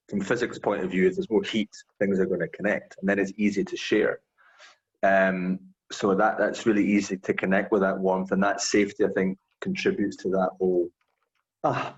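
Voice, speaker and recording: A man chatting casually in a group video call, rambling and laughing easily. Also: fairly low pitch. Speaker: study group participant. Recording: dull lo-fi call audio.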